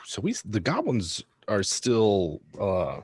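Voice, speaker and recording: A man playing a tabletop game, talking in a thoughtful, halting way and correcting himself. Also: fairly low pitch, huge pitch swings, slightly rough, no room sound. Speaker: player. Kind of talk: casual tabletop play.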